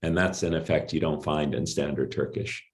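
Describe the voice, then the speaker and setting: Man, very low pitch, middle-aged, academic conference talk, measured explanatory delivery. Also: steady tone. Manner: measured, explanatory, with fillers and pauses. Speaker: linguistics lecturer.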